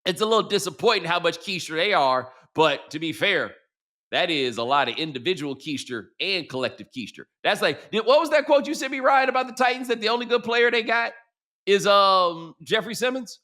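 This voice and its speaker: A man's voice: high-pitched, brisk, sharp tone. A middle-aged man hosting a sports talk show, talking in a casual, slangy, conversational way.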